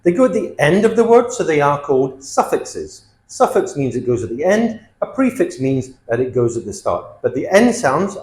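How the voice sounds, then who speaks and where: Lively emphatic male English teacher. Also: mid-range voice. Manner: lively, emphatic teaching with frequent "okay?" checks. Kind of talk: grammar lesson. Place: based in Thailand. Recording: roomy echo, faint music.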